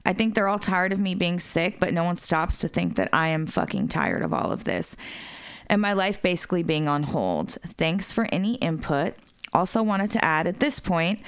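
A woman's voice: fairly low pitch, clear, resonant tone, dry recording. A woman co-hosting a podcast, reading listener messages aloud in a casual, swearing, laughing manner.

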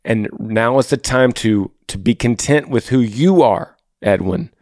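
A man's voice: mid-range voice, a little slow, a little mellow, no room sound, studio quality. A man hosting an advice podcast, talking earnestly and directly to a listener, often repeating his words for emphasis. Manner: earnest, repeats phrases, talks straight to listener. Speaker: podcast host.

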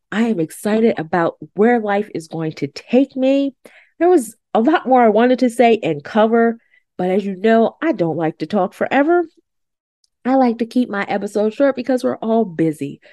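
A woman's voice: mid-range voice, dark tone, no echo, clean studio sound. A woman in her forties hosting a podcast, talking in a heartfelt, emphatic way and repeating affirmations. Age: 40s. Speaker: podcast host. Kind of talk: personal reflective podcast talk.

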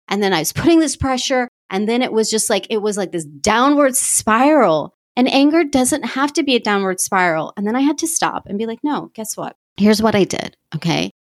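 A woman's voice: medium pitch, no room sound, clean studio sound. A woman hosting a podcast, talking candidly and animatedly about her own feelings in a reflective monologue. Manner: candid, animated, self-revealing. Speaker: podcast host.

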